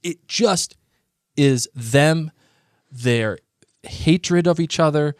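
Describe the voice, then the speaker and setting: Excitable man recapping a show. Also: fairly high pitch, very slow, dry recording, studio quality. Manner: enthusiastic, teasing, many restarts. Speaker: podcast co-host. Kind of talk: casual TV recap chat.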